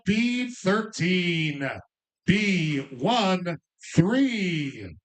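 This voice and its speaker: A man calling bingo numbers in a bar, drawing each number out slowly between joking asides to the players. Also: on the high side, animated, fairly bright tone. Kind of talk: live bingo calling with banter.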